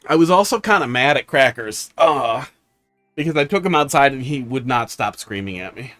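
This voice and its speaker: A man's voice: mid-range voice, expressive, moderate pace, fairly bright tone, soft background music. A man streamer chatting casually, teasing his pets and laughing often. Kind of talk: casual chat.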